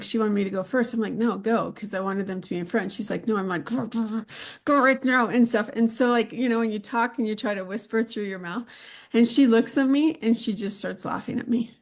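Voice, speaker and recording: Middle-aged woman podcast host, mid-range voice, relaxed rambling storyteller. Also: mid-range voice. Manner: relaxed, rambling anecdotes with laughs. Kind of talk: casual chat.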